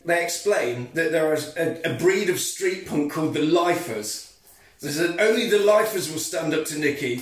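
A man's voice: fairly high pitch, moderate pace, far from the mic. A man hosting a podcast, telling a film's plot with energy, swearing and laughing as he goes. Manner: energetic storyteller, swears freely, laughs often. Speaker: podcast host recapping a film. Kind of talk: casual chat, animated plot retelling. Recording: echoey room, off-mic.

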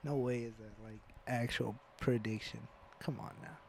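A man's voice: mid-range voice, steady tone, normal speed, creaky, a little hiss or hum. A young man co-hosting a casual podcast, laid-back and skeptical, laughing often. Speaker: podcast co-host. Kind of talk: casual chat.

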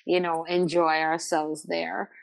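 Animated woman telling stories. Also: lowish voice, takes it slowly, creaky. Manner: animated storyteller, repeats words and restarts. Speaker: guest. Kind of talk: candid conversational interview.

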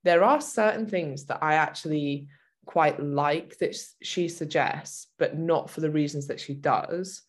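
A woman's voice: low-pitched, unhurried. A woman from the UK co-hosting a fitness podcast, chatting casually with lots of filler words. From United Kingdom. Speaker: podcast co-host, fitness coach.

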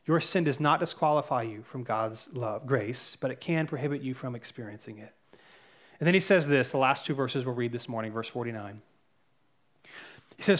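A man's voice: mid-range voice, normal speed. A man in his thirties preaching a sermon as pastor, earnest and conversational, with fillers and self-corrections.

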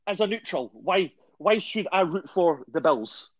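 A man's voice: high voice, animated, measured pace, dry recording. A man hosting a casual sports podcast, rambling with lots of "I mean" and "um". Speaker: podcast host. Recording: dull, dry lo-fi audio.

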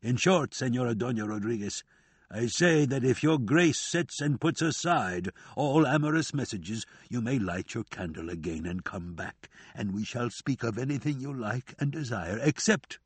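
A man's voice: mid-range voice, expressive, moderate pace, slightly rough, no echo. A man voicing an aging, deluded male knight who speaks in archaic, ceremonious phrases. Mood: stately.

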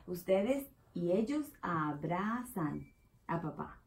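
A woman with a Latin American Spanish accent, a native Spanish speaker, patiently teaching a Spanish lesson and repeating words slowly for learners. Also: lowish voice, big pitch swings, rough recording. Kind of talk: explaining a language lesson.

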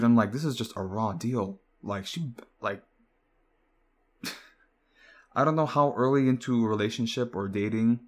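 A young man talking casually to the camera in a rambling, hesitant way, full of fillers and restarts. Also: mid-range voice. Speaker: vlogger.

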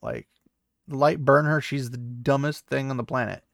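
A man's voice: medium pitch, normal speed, creaky, dry recording, studio quality. A man casually retelling a story and commenting on it, sarcastic and exasperated, laughing often. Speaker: book reaction host.

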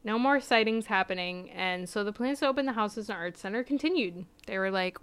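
A woman hosting a podcast, telling a spooky story in a casual, chatty way that sometimes drops to a hushed tone. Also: mid-range voice, brisk, hardly any pauses, clean tone. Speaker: podcast host.

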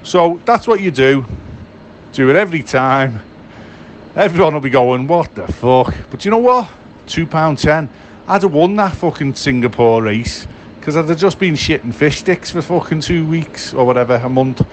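A man's voice: on the high side, lively intonation, normal speed, a little hiss or hum. A man rambling crudely and jokily in a voice note, sitting outdoors on a city bench. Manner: crude, jokey, sweary.

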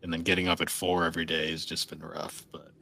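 Low-voiced male co-host, loose rambling podcast banter. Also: level tone, quick pace, creaky, pushed and bright, slight background noise. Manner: rambling, filler-heavy, laughs often. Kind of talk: casual chat.

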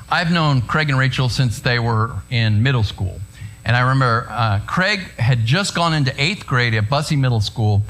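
A middle-aged man preaching a sermon in a conversational, storytelling way, often checking in with the congregation with quick asides. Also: mid-range voice, a bit bright. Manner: conversational, anecdotal preaching with frequent "right?" asides. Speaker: pastor.

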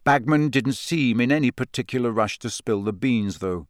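A man narrating a storybook in a lively, expressive way on a close studio mic. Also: mid-range voice, moderate pace, no echo. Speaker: audiobook narrator.

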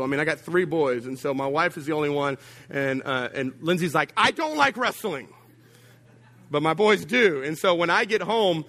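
A man preaching a sermon to his congregation in a slightly high voice. He tells stories with humour, jumps suddenly in pitch and loudness, and calls out to his listeners. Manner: humorous, animated storytelling with big swings of pitch and volume; addresses the congregation directly with call-outs. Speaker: pastor.

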